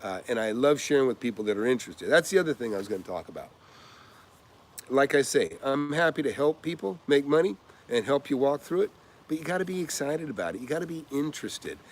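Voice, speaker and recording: An older man talking casually about investing, energetic and rambling, with frequent uhs and acted-out quotes. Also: medium pitch, fast. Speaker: real estate investor. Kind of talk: casual advice monologue with anecdotes.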